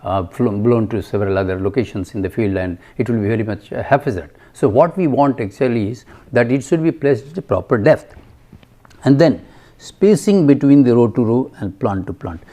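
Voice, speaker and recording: A man giving a recorded lecture, halting with many fillers and asking and answering his own questions. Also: mid-range voice, animated, mellow.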